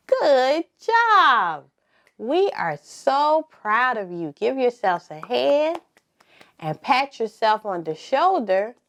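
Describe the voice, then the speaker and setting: A woman leading a preschool circle time lesson, talking slowly and encouragingly and spelling words out letter by letter. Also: fairly high pitch, very animated, fairly bright tone. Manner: slow, sing-song and encouraging, spelling letter by letter. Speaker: preschool teacher.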